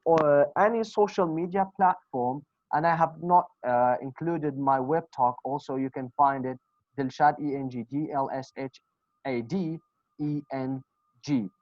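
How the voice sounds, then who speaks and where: Kurdish accent guy running an english class over a video call, repeats words slowly, dull dry sound. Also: medium pitch, no room sound. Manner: patient, repeats example phrases slowly. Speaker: English teacher. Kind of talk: online class on pronunciation.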